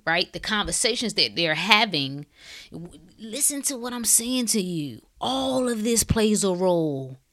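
A woman's voice: medium pitch, sing-song, measured pace, fairly bright tone. A woman in a casual monologue, blunt and preachy, firing off sarcastic rhetorical questions in slangy talk.

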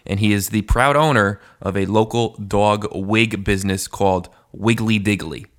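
A man's voice: lowish voice, moderate pace. A man co-hosting a casual comedy podcast, loose and joking, who swears freely. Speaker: podcast co-host.

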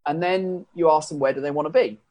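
Talking fairly quickly in a slightly high, somewhat mellow voice, a male fitness coach gives a casual explanation of how he coaches. He chats and wanders, revising his words mid-thought. The recording is dry.

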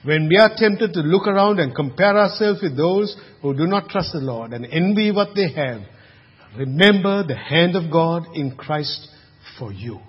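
A man delivers a sermon in a slightly raised, husky voice. He drops to near-hushed tones and then builds to loud, emphatic calls. The sound is lo-fi, with a long hall reverb trailing after him. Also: on the high side. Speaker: preacher.

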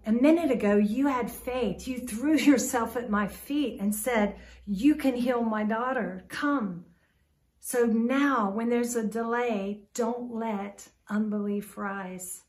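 A woman's voice: on the high side, slow, darkish tone. A woman preacher voicing Jesus as a firm, compassionate male teacher who exhorts a father to keep faith. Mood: exhorting.

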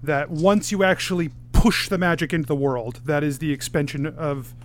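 A man running a tabletop role-playing game as game master, narrating scenes and explaining rules in a relaxed way. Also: on the high side, normal speed, a little hiss or hum.

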